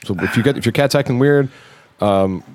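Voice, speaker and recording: A man's voice: mid-range voice, brisk, no echo. A man hosting a casual podcast, rambling and restarting his sentences, cursing now and then. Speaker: podcast host.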